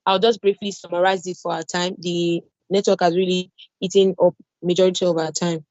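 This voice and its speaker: A woman's voice: on the low side, flat delivery, a little fast, darkish tone, no room sound, dull audio. A woman with a Nigerian English accent teaching an online cloud security class, repeating key points and reassuring with everyday examples. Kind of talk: online training lecture.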